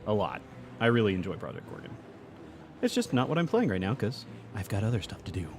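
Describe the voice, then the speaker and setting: A man's voice: lowish voice, very animated, quick pace, vocal fry, slight background noise. A young adult man streaming a game live, chatting casually, reading chat aloud and laughing often.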